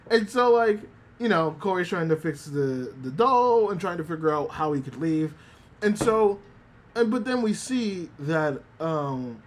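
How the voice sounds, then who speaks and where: Addressing his chat directly, a streamer recaps an anime episode in a relaxed way, with plenty of restarts and a bit of cursing. His voice sits high, with a little hiss or hum audible.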